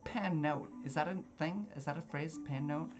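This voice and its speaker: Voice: medium pitch, moderate pace, over music. A person in their thirties giving casual gameplay commentary, blunt and forward, self-described as socially awkward, who laughs often. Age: 30s. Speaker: let's play gamer.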